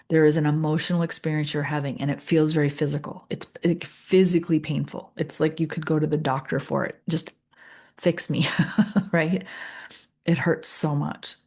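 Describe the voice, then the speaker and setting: A middle-aged woman coach speaking gently and with empathy in a podcast monologue, often repeating and listing phrases. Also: deep voice, steady tone, fairly quick. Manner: gentle, empathetic, with repetition and lists. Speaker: leadership coach.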